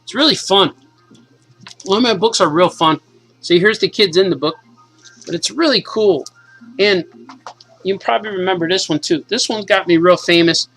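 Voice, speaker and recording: A man in his forties, a cartoonist, casually and excitedly reading his comic aloud to kids. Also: high voice, moderate pace, pauses often, faint music behind, poor audio. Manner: enthusiastic, casual, says "man" a lot.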